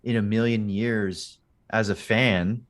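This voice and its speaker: A man's voice: on the low side, fairly even intonation, slow pace. A man, a voice actor, chatting eagerly on a video call, with many fillers. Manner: enthusiastic fan talk, many fillers. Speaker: voice actor guest. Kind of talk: casual group chat.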